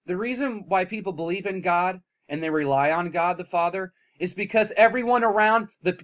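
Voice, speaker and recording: Man ranting heatedly, slightly high voice. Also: moderate pace, few pauses. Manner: swings from loud, heated outbursts to low, weary muttering. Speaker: vlogger. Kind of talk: impassioned rant to camera.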